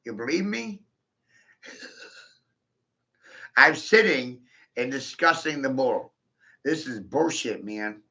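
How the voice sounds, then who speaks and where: A man's voice: medium pitch, lively intonation, drawn-out words, vocal fry, pauses often, pushed and bright. A man in a rambling monologue, boastful and taunting, swearing crudely and laughing often.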